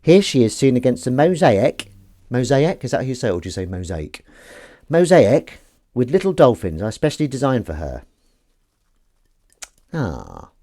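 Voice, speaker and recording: A man rambles through a casual live-stream chat, his pitch rising and falling with playful swings. He teases commenters with mock indignation and drifts between topics in a loose, joking way. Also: sing-song, quick pace, dark tone.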